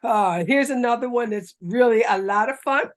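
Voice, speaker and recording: A woman's voice: a little high, moderate pace. A middle-aged woman leading a laughter yoga class, coaxing and upbeat, breaking into hearty laughter. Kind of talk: guided exercise class.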